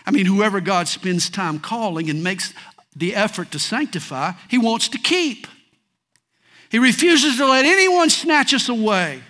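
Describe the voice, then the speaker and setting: A man preaching a sermon in a folksy way, swinging between loud declarations and soft asides. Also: sits high, expressive, unhurried. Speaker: pastor.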